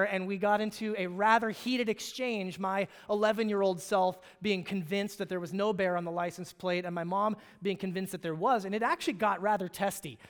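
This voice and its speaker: A pastor from Alaska preaches in a church sanctuary, his high-pitched voice fairly bright and smooth. He tells stories conversationally, often restarting his phrases, and the sound has a hall's long reverb.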